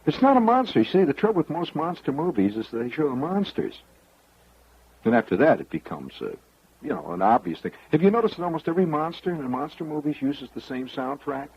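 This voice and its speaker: Radio guy rambling through a story, husky voice, pitch jumping all over the place. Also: big pitch swings, fairly quick, lo-fi sound. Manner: rambling storyteller, confiding, wry. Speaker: radio host.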